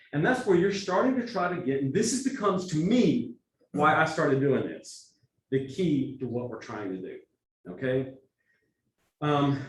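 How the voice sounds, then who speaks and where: A man with a Texas accent teaches a church workshop in a casual, conversational way, his pitch rising and falling a lot. He sounds set back from the microphone in an echoey meeting room, with a faint hum of ambience behind him. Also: distant mic. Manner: conversational, with lively asides and acted-out quotes. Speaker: evangelism trainer.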